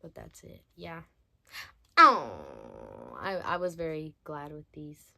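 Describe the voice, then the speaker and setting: A teenage girl vlogger with a low-pitched, level, fairly bright voice tells a story casually, chatting away in slang and dragging out her words.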